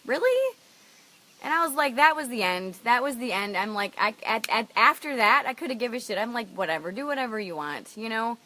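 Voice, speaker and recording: A woman's voice: fairly high pitch, big pitch swings, a little fast, pushed and bright, slight background noise. Emotional, emphatic woman telling her story. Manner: emotional, emphatic, earnest, swears freely. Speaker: life coach. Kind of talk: personal story and coaching talk to camera.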